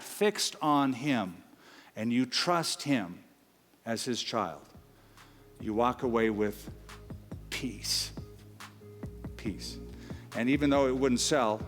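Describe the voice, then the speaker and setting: A man preaching in a large church auditorium, his voice carrying a long reverb tail. He tells a story with lively timing, slipping into the voices of the people in it, with a middling pitch. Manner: storytelling, voices the characters in a joke. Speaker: pastor. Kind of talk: sermon with a humorous story.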